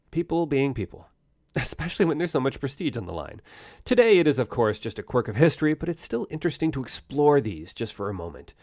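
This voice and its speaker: A man narrates science history for his own podcast. He talks in a relaxed, conversational way, throws in wry jokes and quick asides, and his pitch rises and falls a lot. The recording is dry and close, with no room sound. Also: dry recording. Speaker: podcast host.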